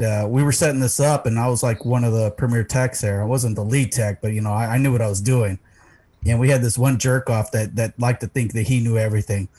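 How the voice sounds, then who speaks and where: A man's voice: medium pitch, a little mellow. A man telling rowdy, profane stories in a casual podcast chat, laughing into his lines.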